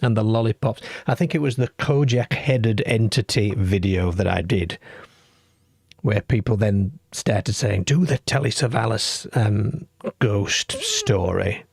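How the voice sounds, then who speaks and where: A man's voice: on the low side, measured pace, gravelly, husky, no room sound, clean studio sound. A man from the UK hosting a late-night call-in radio show, chatty and reading listener comments aloud. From United Kingdom.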